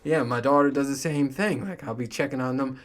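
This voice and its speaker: A man's voice: medium pitch, a little fast. A man in his thirties talks to the mic on his own, loose and unscripted. He rambles, swears freely and breaks into laughter between thoughts, the easy voice of a solo podcast host. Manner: rambling, profane, laughs often. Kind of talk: casual monologue.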